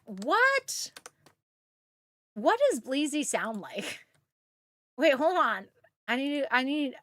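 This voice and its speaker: Woman streamer, chatty, excitable, high voice, very lively pitch. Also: no echo, clean studio sound. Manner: chatty, excitable, reads chat aloud. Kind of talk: casual chat while gaming.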